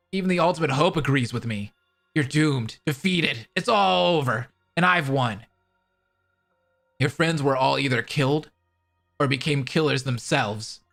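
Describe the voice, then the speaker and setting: A man's voice: fairly high pitch, creaky, a bit bright, full character voice. A man voicing a cold, scheming male villain in a fan voice drama, taunting and contemptuous. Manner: taunting, contemptuous, slow and menacing.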